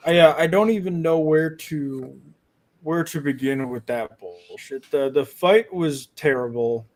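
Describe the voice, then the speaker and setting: Man, co-host, hesitant speech, fillers, somewhat high voice. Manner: halting, many "uh" fillers. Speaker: podcast co-host reading donations. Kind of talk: casual chat.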